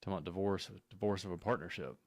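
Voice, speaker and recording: A man appearing as a real estate guest on a radio show, telling relaxed anecdotes and saying "you know" a lot. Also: low-pitched, rapid-fire, no room sound, studio quality. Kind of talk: casual radio chat.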